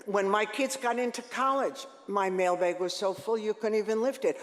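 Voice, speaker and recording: An older woman tells animated, joking stories to a crowd in a large hall. Her voice rings out with a long, roomy reverb. She speaks as a seasoned radio host recalling her career. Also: mid-range voice, moderate pace, hardly any pauses. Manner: lively, joking, animated storytelling. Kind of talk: storytelling talk to an audience.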